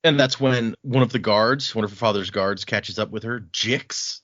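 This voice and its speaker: A man with a lowish, fairly bright voice speaks at a moderate pace, with no echo but dull, muffled audio. As host of a casual book discussion podcast, he retells scenes and acts out the characters' lines.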